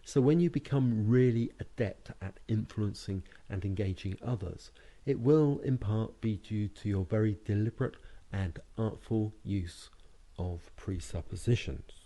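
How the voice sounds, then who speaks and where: A British man narrating a lesson on hypnotic language patterns, speaking slowly and deliberately with hypnotic phrasing and words marked out by tone. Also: on the low side, dark tone. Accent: British English. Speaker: hypnotherapy and NLP trainer. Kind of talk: recorded lesson narration over slides.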